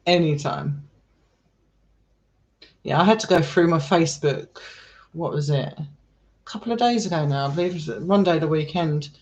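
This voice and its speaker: A man's voice: fairly high pitch, moderate pace, pauses often. A man chatting casually with his live stream viewers, affectionate and talkative, calling people darling and sweetheart. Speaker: live streamer and paranormal explorer.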